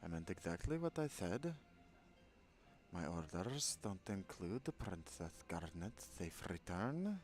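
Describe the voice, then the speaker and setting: A man's voice: low-pitched, sing-song, measured pace, a little mellow. A man voicing a menacing female bounty hunter from a game, with a lisp and an attempted Castilian Spanish accent. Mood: taunting. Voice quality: lisping. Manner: taunting, threatening.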